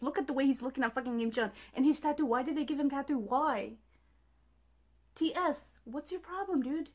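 A woman's voice: high voice, brisk, darkish tone. A young woman reacting to music video trailers, gushing and swearing, with sudden shrieks between muttered asides. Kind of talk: excited reaction commentary.

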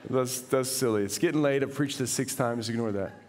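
Man preaching an animated sermon. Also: on the high side, fast talker, big-room sound. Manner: animated, swings from loud to hushed. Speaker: pastor. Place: church sanctuary.

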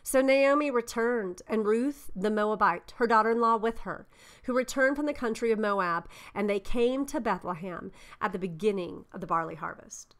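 A woman's voice: mid-range voice, moderate pace, fairly bright tone. Earnest woman teaching a Bible study. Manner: earnest, often asks "right?"; informal with frequent "um".

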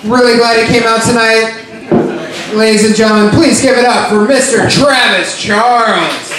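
A man hosting an open mic comedy night, shouting introductions to a pub crowd. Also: very high-pitched, normal speed. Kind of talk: stand-up emcee introductions. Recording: echoey, distant, loud crowd noise.

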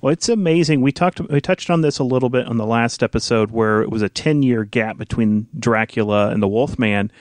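A man guesting on a podcast, chatting eagerly with a few halting restarts. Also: mid-range voice, darkish tone, dry recording. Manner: eager, a bit halting, fond of the films. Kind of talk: casual chat.

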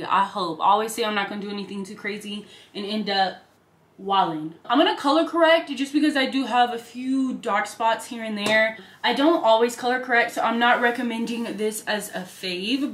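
A woman's voice: fairly high pitch, fairly bright tone, reverberant. A woman in her twenties chatting casually while she does her makeup for a lifestyle vlog. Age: 20s. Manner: chatty, upbeat, slangy. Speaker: lifestyle vlogger. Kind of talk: casual get-ready-with-me narration. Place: bedroom at a vanity.

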